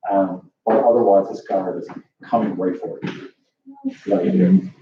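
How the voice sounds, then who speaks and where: In a lowish, gravelly, sing-song voice, a dungeon master runs a tabletop game at a moderate pace. His casual narration rambles, full of fillers and "like," and the audio comes from a distant, echoey lo-fi room mic with a faint hiss.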